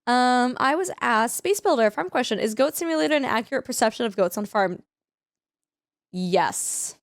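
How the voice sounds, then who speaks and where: High-voiced Canadian woman streaming a farm game. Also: animated, normal speed, no room sound. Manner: chatty, self-deprecating, thanks viewers. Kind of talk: casual livestream chat while gaming.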